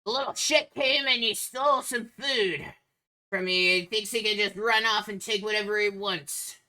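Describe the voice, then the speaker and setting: A woman voicing an angry, crude male ogre food seller who shouts his complaints in a raised, higher voice. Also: normal speed, natural voice. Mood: indignant. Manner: shouting, indignant.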